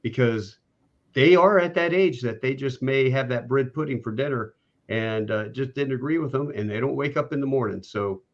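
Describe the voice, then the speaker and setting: A man's voice: mid-range voice, normal speed, muffled recording. A man hosting a podcast, chatting in an easygoing, rambling way. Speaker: podcast host. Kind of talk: casual conversation.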